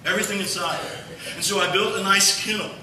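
A male pastor preaching a sermon, telling a family story in a folksy, animated way. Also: sits high, quick pace, background noise. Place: church sanctuary. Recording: echoey church hall from far off.

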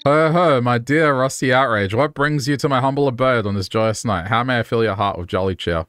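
A man's voice: mid-range voice, brisk, a bit bright, clear, resonant tone, dry recording, clean studio sound, soft background music, natural voice. Synthetic man voicing jolly old Santa, flowery and cheery. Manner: cheery, flowery storybook speech. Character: jolly old Santa Claus, warm and grandfatherly.

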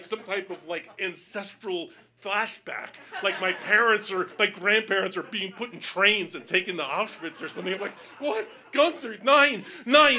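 Male comedian, stand-up story, fairly high voice, bright tone, animated, acts out characters. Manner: animated, acts out voices, builds to panicked shouting.

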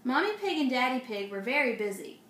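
Woman, reading a children's story aloud, expressive, high voice, echoey room. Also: fairly quick, a little hiss or hum. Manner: expressive, asides to young listeners. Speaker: storybook reader.

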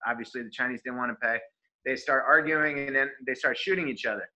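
A man's voice: medium pitch, quick pace, low-quality recording. A man from the United States, a guest on a video call, telling a travel story in casual chat full of fillers. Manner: animated anecdote-telling with many fillers.

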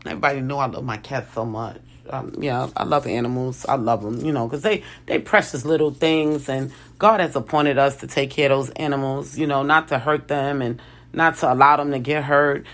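A woman's voice: extremely low pitch, brisk. A woman telling a personal story in casual speech, full of restarts and self-corrections, acting out other people's lines. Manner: animated, restarts and self-corrections, lively quoted voices.

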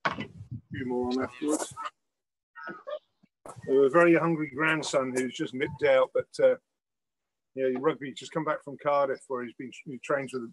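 A man's voice: medium pitch, a little hiss or hum, low-quality recording. An older man hosting a casual cookalong, telling stories while he cooks. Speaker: celebrity cook host. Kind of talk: casual chat while cooking.

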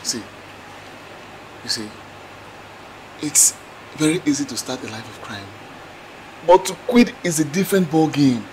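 A man's voice: on the high side, lively intonation, a little slow, long pauses, darkish tone, slight background noise, poor audio. An actor playing a young man caught in a life of crime, hesitant and reluctant with his lover, in a film drama.

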